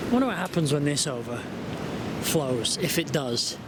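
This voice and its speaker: A man's voice: a little high, sing-song, measured pace. A man vlogging casually as he drives and walks around a town, joking at his own expense and muttering asides. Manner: chatty, self-mocking, mutters asides. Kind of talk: casual travel vlog. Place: outdoors in town and in a car. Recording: loud street noise. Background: loud outdoor and traffic noise.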